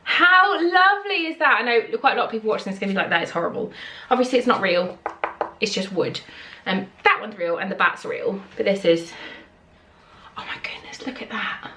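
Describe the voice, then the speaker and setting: An excitable British woman talks through a gift unboxing in her home kitchen, gasping, squealing and swearing freely. Her voice has a bright, sharp edge and sits at an ordinary pitch for a woman. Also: brisk, a little hiss or hum. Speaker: vlogger. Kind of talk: casual unboxing vlog.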